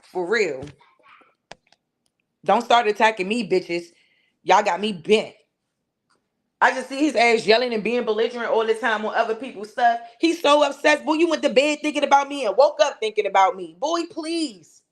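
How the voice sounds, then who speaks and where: A fiery woman with a D.C. tears into someone on her live stream. Her voice sits a bit high and flies higher when she yells. The talk is profane and cutting, with sudden shouts. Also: lively intonation, moderate pace. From Washington, D.C. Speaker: channel host ranting on a live stream. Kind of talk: heated live-stream rant.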